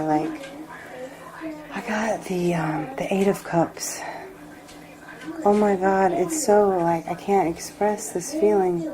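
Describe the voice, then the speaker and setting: A woman giving a personal tarot reading, reflective and emotional, rambling with pauses. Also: on the low side, fairly even intonation, a crowd in the background, low-quality recording. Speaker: tarot reader.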